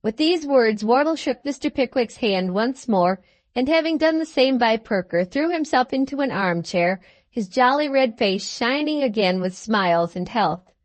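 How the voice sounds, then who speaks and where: A woman narrating a classic novel as an audiobook, reading in an even, measured way. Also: a little high, no echo. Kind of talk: scripted narration.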